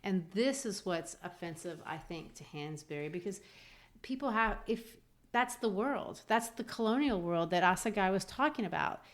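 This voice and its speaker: A woman's voice: medium pitch, animated, normal speed. A woman co-hosting a literature podcast, animatedly discussing a play and acting out quotes from it. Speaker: podcast co-host.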